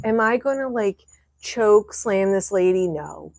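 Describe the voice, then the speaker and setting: A woman's voice: medium pitch, lively intonation, measured pace, gravelly, a crowd in the background. A woman telling a travel story in casual chat, insistent, often repeating "listen" and quoting herself. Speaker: cruise vlogger.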